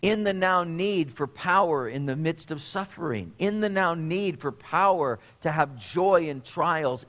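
A man preaching a sermon in an earnest way, with deliberate pauses and repeated phrases. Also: on the high side, dull audio. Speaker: pastor.

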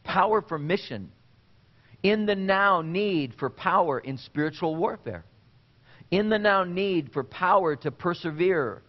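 A man preaching a sermon in an earnest way, with deliberate pauses and repeated phrases. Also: high-pitched, expressive, muffled recording. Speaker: pastor.

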